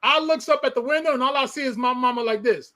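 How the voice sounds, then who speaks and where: A man telling a story in casual chat, animated and loud at moments. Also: very high voice, fast. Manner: animated, sound effects, loud bursts.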